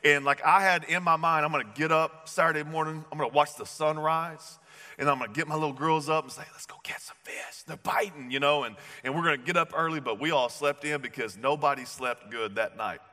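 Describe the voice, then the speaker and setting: A man's voice: a little high, brisk, bright, forceful tone. A man, preaching a sermon in a casual, chatty storytelling way. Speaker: pastor. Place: large church hall. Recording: echoey church hall.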